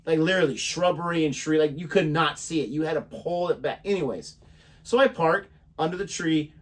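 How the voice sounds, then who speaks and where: A man's voice: a little high, a little fast, far from the mic. A young American man, co-host of a reaction channel, telling a story in casual chat and acting out the voices of the people in it. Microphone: desk microphone.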